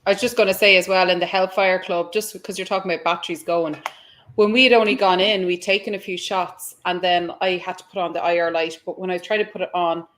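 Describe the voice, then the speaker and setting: A woman's voice: lowish voice, fairly even intonation, fast talker, a bit bright. A woman, a paranormal investigator who eagerly jumps in to tell her own ghost story as a podcast guest. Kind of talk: storytelling in conversation.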